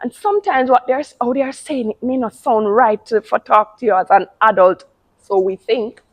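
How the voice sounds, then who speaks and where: Woman with a higher voice chatting about raising kids, repeats herself a lot for emphasis. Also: normal speed. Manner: emphatic, repeats words, mimics children and parents. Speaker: parenting channel host. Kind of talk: casual advice talk.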